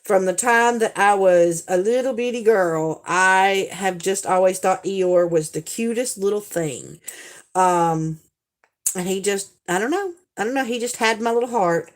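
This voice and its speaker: A woman chats at an unhurried, drawn-out pace, her pitch sitting in a middle register. She rambles through stories with plenty of fillers and often mimics other people's voices mid-telling. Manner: rambling, chatty, full of fillers. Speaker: live-stream host. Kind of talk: casual chat.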